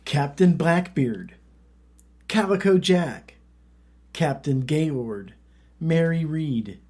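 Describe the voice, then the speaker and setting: Husky, slow-talking man hosting a quiz. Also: on the high side, lively intonation, a little mellow. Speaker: co-host running a quiz game. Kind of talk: casual podcast banter.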